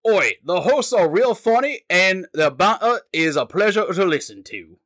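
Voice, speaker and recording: Hammy British accent done by an American guy, halting, pitched up, reading a review. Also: sing-song, fairly bright tone, heavily acted. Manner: halting, self-conscious reading aloud. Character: a man's clumsy attempt at a British accent.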